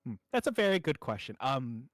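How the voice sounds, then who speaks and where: A man running a tabletop game on stream. His pitch moves in a lively way, and he talks in an upbeat manner with plenty of fillers. The sound is dry and close, with faint music underneath. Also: brisk, no echo. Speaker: game master.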